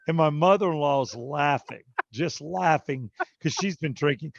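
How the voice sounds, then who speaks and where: A man's voice: fairly high pitch, a little fast, few pauses, no echo, muffled recording. A man co-hosting a podcast, telling a casual story and animatedly acting out the people in it with voices. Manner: animated, acts out quotes with voices. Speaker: podcast co-host.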